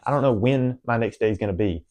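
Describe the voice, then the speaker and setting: A man's voice: medium pitch, fast talker, a little mellow. A young man makes an emotional, rambling personal confession to the camera, full of fillers and restarts. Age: young adult. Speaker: vlogger.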